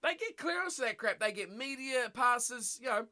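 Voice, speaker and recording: A man's voice: very high-pitched, animated, normal speed, hardly any pauses, pushed and bright. A man hosting a rugby watch-party stream, ranting bluntly in casual chat and reacting to viewer comments.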